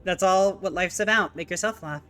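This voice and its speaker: Streamer, bright voice, reads game text aloud with loose, chuckling side comments. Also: mid-range voice, normal speed. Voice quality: casual, chuckles at own jokes.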